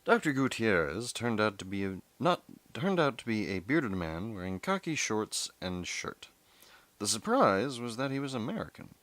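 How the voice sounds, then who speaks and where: A man reading a novel aloud, steady but with occasional stumbles and self-corrections. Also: on the low side, normal speed, dry recording.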